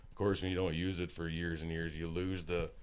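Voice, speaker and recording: A man's voice: low-pitched, level tone, a little fast, clear, resonant tone. A man from Saskatchewan, a musical guest chatting casually and telling stories with easy chuckles. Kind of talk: casual chat.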